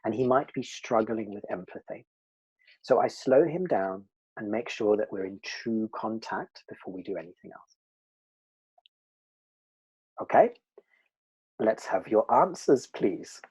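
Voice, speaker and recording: A man leading an online workshop, animated, laughing often and playing out voices. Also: fairly low pitch, unhurried, pauses often, husky, highs cut off. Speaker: presenter.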